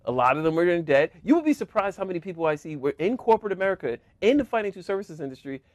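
A man's voice: high voice, very fast, no echo. Laughing, joking male podcast co-host. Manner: laughs often, animated and joking. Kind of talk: casual chat.

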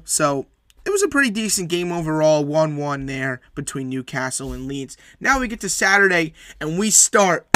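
A man's voice: on the high side, a bit bright, dry recording, studio quality. A man hosting a solo sports podcast, recapping match results and making emphatic, opinionated predictions that he repeats for weight.

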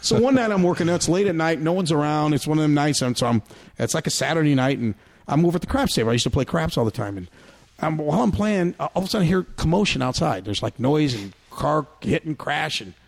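Gravelly middle-aged man, quick rambling profane anecdotes, podcast guest. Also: a little high, animated. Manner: rambling, profane, restarts often. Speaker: guest comedian. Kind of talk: casual storytelling.

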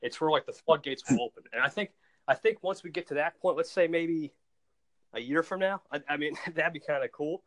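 Man, casual podcast host, higher voice, fired-up storyteller, trips over his words. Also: fairly quick. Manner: excitable, animated storyteller; stumbles and repeats words. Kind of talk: casual chat.

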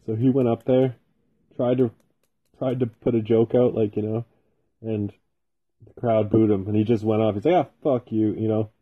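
A man's voice: fairly low pitch, flat delivery, normal speed, long pauses, slightly rough. A man hosting a solo podcast from his basement, rambling casually and swearing constantly. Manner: profane, rambling, heavy swearing. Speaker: podcast host. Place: home basement. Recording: tinny phone-like sound.

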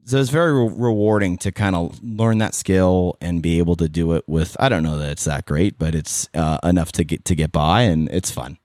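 A man in his thirties with a Californian accent, a former radio host and event MC, chats as a podcast guest in a casual interview, rambling with fillers, restarts and animated asides. His low voice runs at normal speed with hardly any pauses, in a dry, studio-quality recording.

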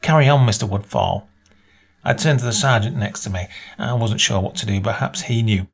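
A man reading a short story aloud as narrator, in a measured storytelling manner. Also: expressive, vocal fry, husky. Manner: measured storytelling, voices dialogue with small pitch lifts.

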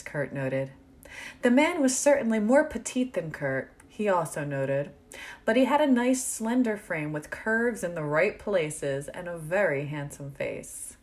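A woman reading a fan fiction story aloud in a measured, unhurried narration. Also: sits low, expressive. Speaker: story reader.

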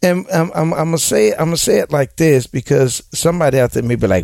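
A man talks through listener questions on a casual advice show. His voice has a gravelly edge and swings widely up and down, and he often mimics people in exaggerated voices. The sound is dry and close, with no room echo. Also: on the high side, big pitch swings, quick pace, few pauses, darkish tone.

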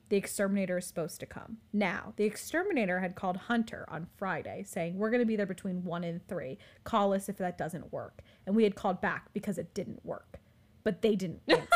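A young woman in her twenties telling a story in casual chat, animated and full of fillers. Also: medium pitch. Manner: animated, filler-heavy, frequent "like".

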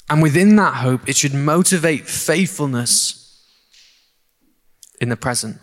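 A man preaching a sermon and leading a prayer, earnest and halting, often repeating words. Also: a little high, lively intonation, long reverb tail. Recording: faint guitar music behind.

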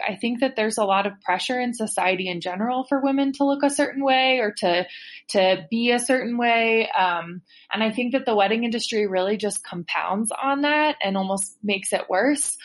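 A woman from the United States leaves a sincere, reflective voice message. She speaks steadily and thoughtfully, with the odd "um" along the way. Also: medium pitch. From Denver, USA. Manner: earnest, thoughtful, measured with fillers. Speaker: caller leaving a voice message. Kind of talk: earnest recorded voice message.

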